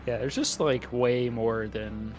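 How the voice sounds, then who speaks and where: A man's voice: medium pitch, slow, soft background music. A man co-hosting a podcast, casually recapping a movie plot with profane, jokey asides. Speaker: podcast co-host.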